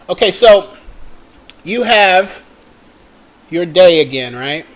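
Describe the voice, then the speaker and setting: Young male trading teacher, high-pitched, conversational, talks straight to the viewer. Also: animated, slow pace. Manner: chatty, checks in with "okay?" and "right?" often, mutters at his computer. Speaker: trading educator. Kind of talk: casual screen-share lesson.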